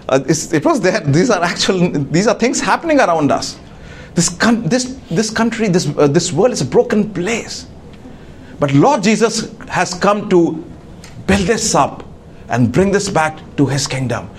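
A man preaching a sermon to a congregation, halting with many fillers and restarts. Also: high-pitched, a little hiss or hum. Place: church.

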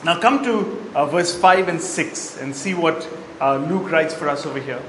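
A man's voice: on the high side, normal speed, slight background noise. A man preaching a sermon, reading Bible verses aloud and explaining them to the congregation. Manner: expository Bible teaching with verse readings and asides. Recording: echoey hall, faint ambience.

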